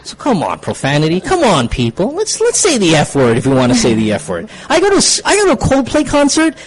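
A man's voice: sits high, wildly swooping pitch, fast talker, slightly rough, rough recording. A man hosting a radio talk show, arguing his point with emphatic, stammering restarts.

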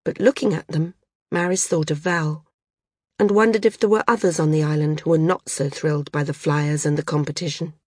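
A woman narrating a novel as an audiobook in a measured storytelling manner. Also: deep voice, a little mellow, husky, no echo, clean studio sound.

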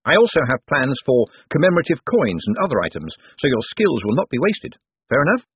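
A man voicing a quick-witted young male swindler turned official, talking smoothly and persuasively. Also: mid-range voice, wildly swooping pitch, dry recording, voice pushed up, full character voice. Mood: brisk. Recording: tinny lo-fi audiobook recording.

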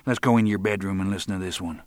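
A man's voice: deep voice, fast talker, smooth, no echo, studio quality, lightly acted. A man playing a crude, menacing middle-aged man in an audiobook, blunt and slangy. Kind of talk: audiobook narration.

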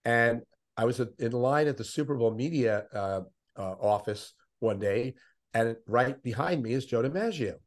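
An older man, a veteran sports interviewer, telling animated anecdotes as a podcast guest. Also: mid-range voice, moderate pace. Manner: animated anecdotes, puts on voices of others. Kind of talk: conversational storytelling.

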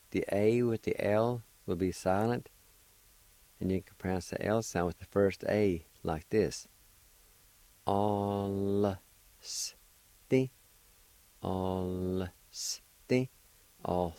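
A man gives a radio language lesson, his voice very low and mellow. He takes his time, spelling each word out patiently and encouraging his listeners. The sound is dry and close, as from a studio microphone. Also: no echo, low-quality recording.

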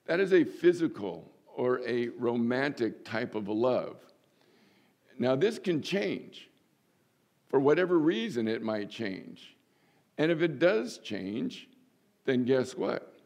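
An older man preaching a sermon as pastor, folksy and humorous, with sudden lifts in pitch for emphasis. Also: big pitch swings, slow pace, darkish tone.

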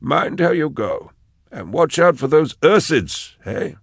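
A man doing a soft, slow mysterious wanderer. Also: on the high side, very animated, gravelly, breathy edge, no echo, clean studio sound, pitched above the performer's own voice, full character voice. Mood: genial.

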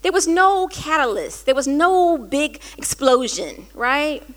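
A woman hosting, telling a personal story in an earnest, conversational way that turns animated when she quotes herself. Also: high voice, slow pace. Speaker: host.

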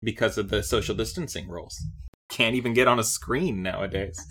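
A man's voice: on the low side, fairly quick, fairly bright tone, breathy edge. A man co-hosting a comedy podcast, talking in a playful, jokey way and often tripping over his words. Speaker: podcast co-host. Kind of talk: casual comedic chat.

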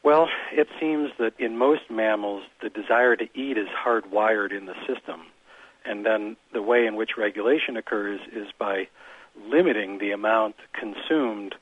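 A man with a lowish, husky voice gives measured, explanatory answers as a scientist guest. He comes through a tinny, dry phone line. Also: dry recording.

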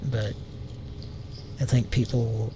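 Rambling Southern man with flat delivery. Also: takes it slowly. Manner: rambling, swears freely, many fillers. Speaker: prank call show host. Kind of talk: casual live chat. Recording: noisy background rumble.

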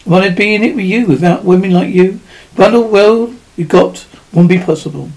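A man with a high voice reading the lines of a tall, booming, self-important doctor in a story. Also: normal speed, mellow, poor audio. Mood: hearty. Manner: hearty, jovial. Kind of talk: audiobook dialogue.

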